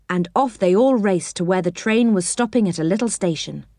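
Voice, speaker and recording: A woman reading a children's story aloud in an expressive storytelling manner. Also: mid-range voice, fairly quick, few pauses, no room sound, clean studio sound.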